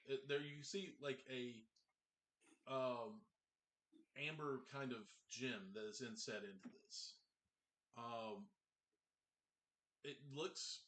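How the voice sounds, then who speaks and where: A man's voice: mid-range voice, a bit bright. A man running a tabletop game as game master over a video call, often restarting and repeating words as he narrates.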